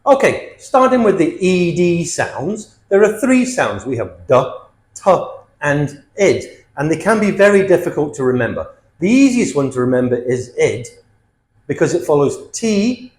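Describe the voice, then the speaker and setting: A man's voice: fairly high pitch, very animated, unhurried, a little mellow. A man teaching an English grammar lesson, explaining word endings with emphatic examples and checking in with frequent "okay?" questions. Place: based in Thailand. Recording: roomy echo, faint music.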